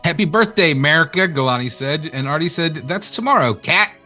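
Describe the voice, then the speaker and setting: A man with an East Texas twang hosts a relaxed game stream, reading viewer messages aloud and cracking jokes. His pitch swings widely as he talks. His tone is bright and forward. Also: a little fast, faint music behind. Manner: animated, jokey, laughs often, reads chat aloud. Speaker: stream co-host reading chat. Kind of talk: casual game stream chat.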